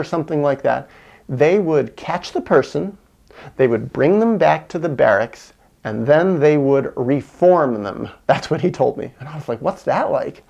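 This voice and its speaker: A man's voice: on the high side, gravelly, darkish tone. A man telling a personal story in an earnest, reflective monologue, repeating words for emphasis. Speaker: video essayist.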